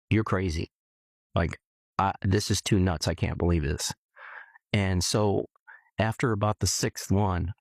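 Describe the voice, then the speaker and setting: A middle-aged man from California telling a personal story earnestly, haltingly, often repeating words as he remembers. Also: deep voice, no echo. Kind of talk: personal testimony.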